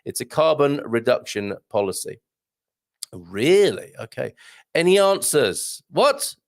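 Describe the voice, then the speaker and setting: With a creaky, medium-pitched voice that swings widely in pitch, a middle-aged British man chats on his live show at a normal pace. He wryly reads viewer comments, scattering ums and asides throughout this laid-back stream.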